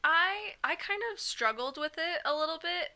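A woman giving her opinion of a horror movie in a casual podcast chat, excitable and expressive. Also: extremely high pitch, normal speed. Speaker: podcast guest.

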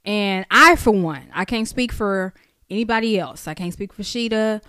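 A woman co-hosting a casual podcast chat, animated and swearing freely as she mocks people with impressions. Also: medium pitch, moderate pace, dry recording, clean studio sound. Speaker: podcast co-host.

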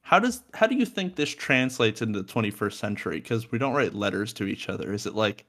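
A man's voice: lowish voice, very animated, brisk, hardly any pauses, a bit bright. A young man co-hosting a casual music podcast from a room at home, joking, swearing and laughing often. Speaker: podcast co-host.

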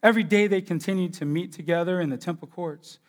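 A middle-aged man preaching a sermon as pastor, swinging between loud outbursts and quiet asides. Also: high-pitched, fast.

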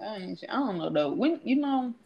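Woman co-host, casual chat, swears a lot, very lively pitch. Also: brisk, highs cut off, noisy background. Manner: profane, animated ranting. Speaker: podcast co-host.

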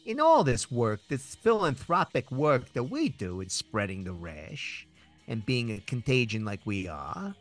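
A man's voice: medium pitch, big pitch swings, measured pace, soft background music. A man co-hosting a podcast in casual, jokey banter, rambling and cursing freely. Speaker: podcast co-host.

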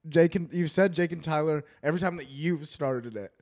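A man's voice: on the high side, brisk, a little mellow. A young man co-hosting a casual podcast, joking and laughing often and trailing off into fillers. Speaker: podcast co-host.

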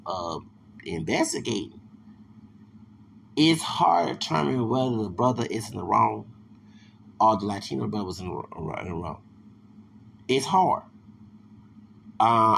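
A man's voice: mid-range voice, gravelly, a bit bright, slight background noise. A man hosting a solo podcast, rambling and digressive, with many restarts and asides. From Texas. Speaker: podcast host.

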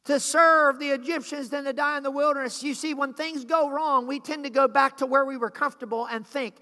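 A man preaching in a church, his voice high and bright. He calls out to the congregation and acts out the people in his story. The sound rings with a long hall reverb. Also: steady tone, brisk, hardly any pauses. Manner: preaching with rising intensity, calls to congregation, acted asides. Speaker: pastor. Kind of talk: sermon. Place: church sanctuary.

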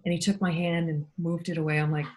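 A woman's voice: fairly low pitch, fast talker, a crowd in the background. Middle-aged woman telling stories animatedly. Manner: animated, acts out quoted voices. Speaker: podcast guest, author. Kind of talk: casual storytelling.

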